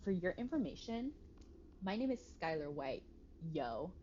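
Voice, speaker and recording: A woman's voice: fairly low pitch, big pitch swings, a little slow, mellow. Woman mocking Skyler White, brash and indignant. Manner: exaggerated mocking impression. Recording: dull lo-fi stream mic with noise.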